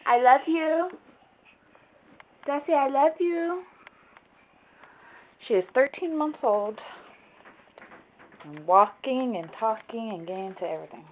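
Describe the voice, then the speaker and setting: A woman's voice: high-pitched, slow pace, long pauses, darkish tone. A woman filming her toddler at home on a handheld camera, coaxing the child in sing-song baby talk and repeating short phrases.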